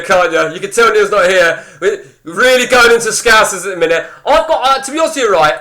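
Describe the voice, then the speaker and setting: Male streamer, high and bright-toned; blunt, rambling, profane live-chat banter. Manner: rambling, blunt and heavily sweary. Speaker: game streamer chatting with viewers. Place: indoors at home.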